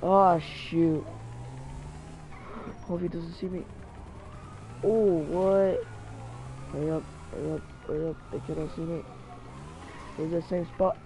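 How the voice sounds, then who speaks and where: Young guy gaming commentary, excitable, slightly high voice, faint background noise. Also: normal speed, vocal fry, long pauses, low-quality recording. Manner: excitable, mild swearing, talks to himself. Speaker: gaming channel host. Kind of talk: live gameplay commentary.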